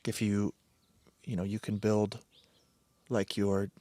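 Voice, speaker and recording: A man's voice: on the low side, level tone, slow pace, mellow, no room sound. A man hosting a solo podcast, rambling and swearing, often breaking off mid-sentence to start again. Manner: digressive, profane, self-interrupting. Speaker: podcast host.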